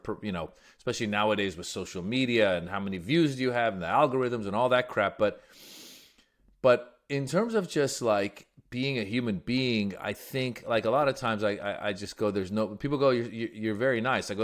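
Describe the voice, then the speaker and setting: A comedian guest whose voice sits on the low side tells rambling stories in an informal interview, full of restarts and fillers. He emigrated from Iran as a child and grew up in the United States.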